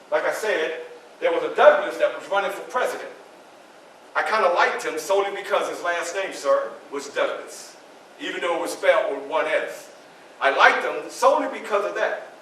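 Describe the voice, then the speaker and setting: A man as Frederick Douglass, an animated orator. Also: fairly high pitch, moderate pace. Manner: animated, addresses the audience directly. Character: Frederick Douglass, proud male orator and statesman. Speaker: historical reenactor. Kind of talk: first-person historical storytelling performance. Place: library event room, indoors. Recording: echoey hall from far off, faint hiss.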